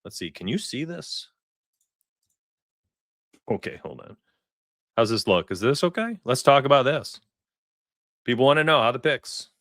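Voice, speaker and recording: A man in his forties hosting a sports betting livestream, chatting casually and excitably with viewers and laughing often. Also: medium pitch, a little slow, pauses often, no echo, studio quality. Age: 40s.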